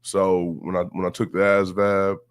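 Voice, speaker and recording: Laid-back Southern man, low voice. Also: flat delivery, normal speed, smooth, dry recording, studio quality. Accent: Southern US (Houston). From Houston, Texas. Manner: laid-back, profane, laughs often. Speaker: guest. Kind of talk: casual interview chat. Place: radio station studio.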